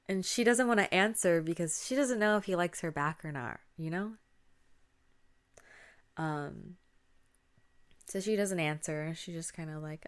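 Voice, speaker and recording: A woman's voice: low voice, moderate pace. A woman hosting a podcast, casually retelling spooky stories in a chatty, conversational way with fillers. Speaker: podcast host.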